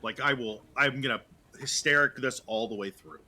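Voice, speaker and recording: A man's voice: medium pitch, moderate pace, bright, forceful tone. A man playing in a tabletop horror game, joking playfully with the table. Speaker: player. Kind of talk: casual tabletop game banter.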